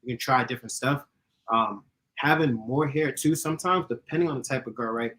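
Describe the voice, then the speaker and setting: A young man chatting casually, giving dating advice, who talks fast and giggles and laughs often. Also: mid-range voice, a bit bright, rough recording. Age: young adult. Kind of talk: casual chat.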